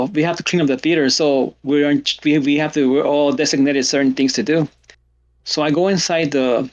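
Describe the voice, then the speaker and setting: A man hosting a livestream, chatting casually and telling rambling stories with halting restarts. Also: a little high, highs cut off. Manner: rambling storyteller, laughs often, halting restarts. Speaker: stream host. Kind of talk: casual chat.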